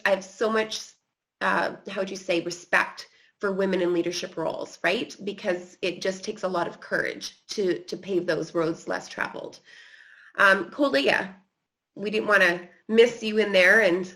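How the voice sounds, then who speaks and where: Upbeat woman moderator, bright tone, casual enthusiastic chatter. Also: mid-range voice. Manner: enthusiastic, chatty, uses "like" a lot. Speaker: moderator of a women's leadership panel. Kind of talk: casual panel chat.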